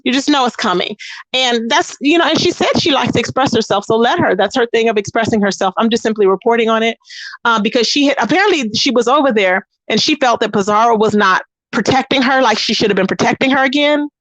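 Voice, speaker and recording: A woman's voice: quick pace, a bit bright, no echo. A woman hosting a casual gossip commentary channel, sassy and dramatic, talking straight to her viewers as "child" and "baby". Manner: dramatic swoops up into high exclamations.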